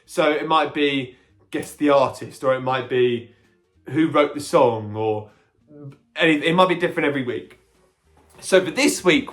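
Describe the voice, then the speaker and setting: Brief: young male quiz host, slightly raised pitch, chatty and self-deprecating, faint music bed. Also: fairly bright tone. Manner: chatty, self-mocking, giggly. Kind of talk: casual pub-quiz hosting.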